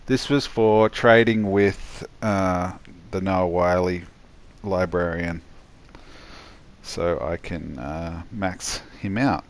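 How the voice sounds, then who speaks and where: A tired man giving a rambling, halting voice-over commentary on his own gameplay, yawning as he goes. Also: sits low, fairly even intonation, a little hiss or hum. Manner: rambling, halting, many restarts and fillers.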